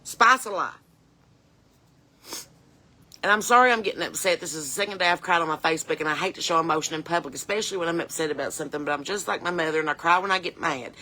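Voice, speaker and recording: A woman's voice: lowish voice, rapid-fire, few pauses, bright, forceful tone. A woman playing a blunt, chain-smoking porch mom, talking in a folksy, earnest, rambling way. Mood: tearful. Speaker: comedian in character. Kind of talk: comedic character monologue.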